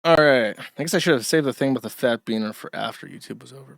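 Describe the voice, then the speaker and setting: A man's voice: mid-range voice, quick pace, gravelly, few pauses, dry recording. A man hosting a livestream, ranting and swearing in casual commentary. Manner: profane, ranting. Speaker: stream host.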